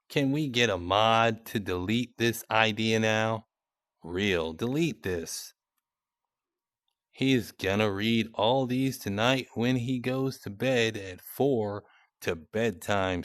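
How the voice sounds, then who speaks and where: A sarcastic young man talks over chat messages in a casual, teasing way. His voice sits a little low and his delivery is slow and drawn out. The sound is dry, with no room echo. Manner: mocking, sarcastic. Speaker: content creator.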